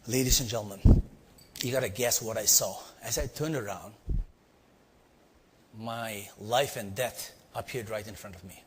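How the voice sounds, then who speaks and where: A man from India with an Indian accent, telling a story to a live audience and quizzing them with quick asides. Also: lowish voice, husky. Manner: animated, quizzing the audience with "yeah?" and "right?". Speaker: leadership speaker. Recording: long hall reverb.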